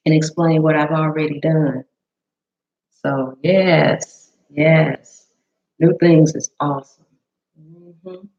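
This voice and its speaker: Woman, live-stream cooking host, chatty and welcoming, slightly hoarse, muffled webcam audio. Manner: chatty, greets viewers by name, bursts into high excited greetings. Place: home kitchen.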